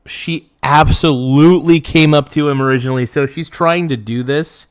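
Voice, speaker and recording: A man's voice: fairly high pitch, normal speed, smooth, no room sound, clean studio sound. A man hosting a livestream, giving blunt, mocking political commentary with rambling asides. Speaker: streamer host.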